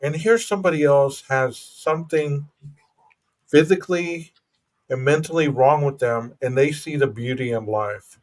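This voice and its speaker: A man's voice: a little high, unhurried. Earnest reflective man hosting a stream. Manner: earnest, reflective, says "bro" and "you know". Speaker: podcast host. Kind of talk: casual livestream chat.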